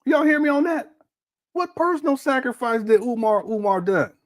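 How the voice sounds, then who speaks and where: A man's voice: very high voice, animated, normal speed. A man hosting a casual reaction commentary, joking and laughing as he fires off incredulous rhetorical questions. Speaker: commentary host.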